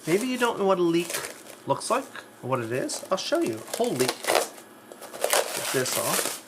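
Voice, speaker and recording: A man's voice: high-pitched, big pitch swings, measured pace, heavy background noise. A man hosting a live cooking demo, talking chattily to his viewers while he cooks. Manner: chatty storyteller who talks to the chat. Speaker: cooking show host.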